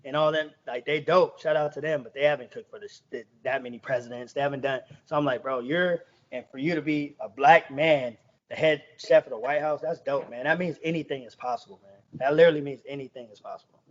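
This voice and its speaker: A young man tells a story on a podcast in easy slang, slipping into the voices of the people he quotes. His voice sits a little high for a man. The recording sounds dull and lo-fi. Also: steady tone, brisk. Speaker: guest chef. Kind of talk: casual podcast chat.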